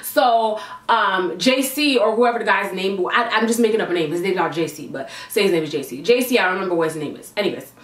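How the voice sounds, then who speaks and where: A young woman from the Toronto area, telling a slangy, animated storytime vlog. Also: mid-range voice, fast, few pauses, far from the mic. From Toronto area, Canada. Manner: chatty, slangy, animated retelling. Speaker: vlogger. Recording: echoey room, mic set back.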